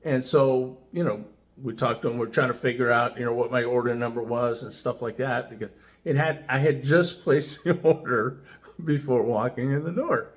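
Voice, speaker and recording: Speaking at a moderate pace in a mid-range voice, this man gives a customer testimonial by recounting a personal story. His delivery is animated, chatty, and enthusiastic, peppered with frequent "you know" fillers.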